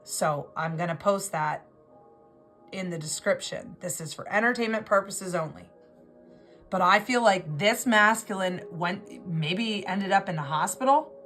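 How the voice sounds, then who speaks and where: Low-voiced woman giving a tarot reading. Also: measured pace, fairly bright tone, soft background music. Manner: rambling and emotional, repeats and restarts words. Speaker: tarot reader. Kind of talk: intuitive tarot reading monologue.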